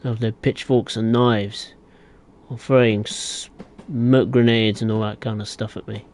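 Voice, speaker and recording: A man's voice: on the low side, flat delivery, a little slow, darkish tone. A young man live-streaming a train game, chatting casually and answering viewers in a rambling way. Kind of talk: live gameplay commentary.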